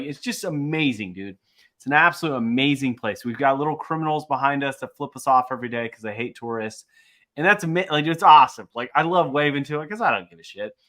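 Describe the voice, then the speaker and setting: A man co-hosting a podcast, telling a travel story in casual chat, excitable and swearing freely, his voice jumping up when riled. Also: medium pitch. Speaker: podcast co-host.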